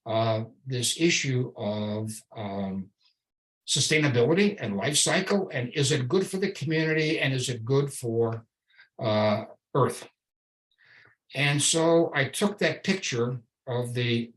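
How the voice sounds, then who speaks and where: A man giving a public slide lecture, wry and sarcastic, stressing key words slowly, with frequent restarts and fillers. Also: mid-range voice, poor audio. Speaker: invited speaker giving a slide talk.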